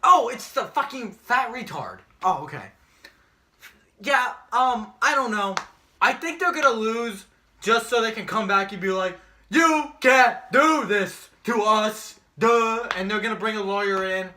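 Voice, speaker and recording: High-pitched ranting young man. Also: expressive, normal speed, slight background noise. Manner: ranting, profane, shouts when angry. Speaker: podcast co-host. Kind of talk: casual wrestling predictions chat.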